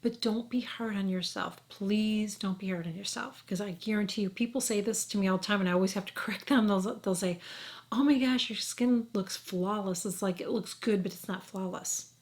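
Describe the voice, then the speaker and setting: A woman's voice: mid-range voice, normal speed, a little mellow. A woman in her forties, a beauty vlogger talking casually to camera in a chatty, reassuring way, sometimes dropping to a whisper. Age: 40s.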